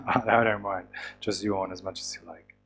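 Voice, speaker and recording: A man teaching a course on tapping therapy in a relaxed, casual way, with fillers and restarts. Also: deep voice, moderate pace. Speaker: EFT teacher.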